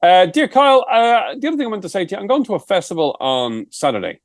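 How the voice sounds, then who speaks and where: A man's voice: high voice, big pitch swings, fast, no room sound. A man co-hosting a comedy podcast, with dry, playful banter. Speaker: podcast co-host. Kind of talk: casual comedic chat.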